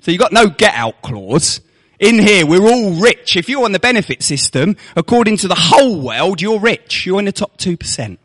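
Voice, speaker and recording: A man's voice: high-pitched, very animated, moderate pace, a bit bright. A man preaching a sermon to his congregation, with rhetorical questions and mocking asides.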